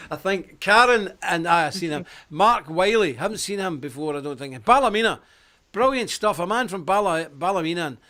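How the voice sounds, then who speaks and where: A man's voice: high voice, expressive, moderate pace, bright, forceful tone. A man with an Ulster accent from Northern Ireland, hosting a livestream in a chatty, joking way and greeting viewers by name. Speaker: host. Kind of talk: casual livestream chat.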